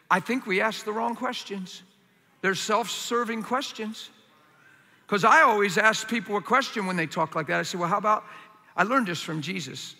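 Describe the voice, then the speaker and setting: A man preaching a sermon to a crowd in a large hall, passionate, acting out complaining voices in a higher tone. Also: animated, a little fast, bright, forceful tone.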